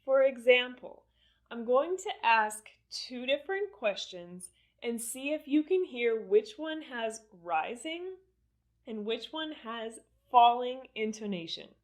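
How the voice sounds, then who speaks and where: A woman teaching English pronunciation in a scripted lesson, speaking deliberately and exaggerating her intonation in the examples. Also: a little high, expressive.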